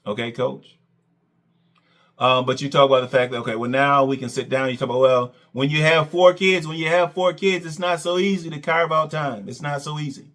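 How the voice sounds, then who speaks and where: A man's voice: on the high side, fairly quick, a bit bright. A man hosting a reaction commentary, sarcastic and mocking, who keeps repeating "okay" and "Coach.". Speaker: commentary channel host.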